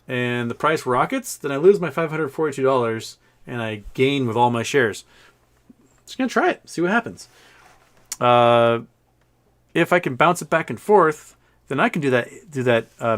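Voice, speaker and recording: A man's voice: mid-range voice, a bit bright. A man in his forties hosting a casual livestream, rambling and joking and laughing at his own jokes. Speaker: livestream host.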